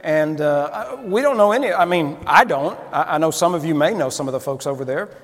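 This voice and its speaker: A man's voice: on the high side, animated, brisk, long reverb tail. A male pastor preaching a sermon in a conversational, storytelling manner with frequent restarts.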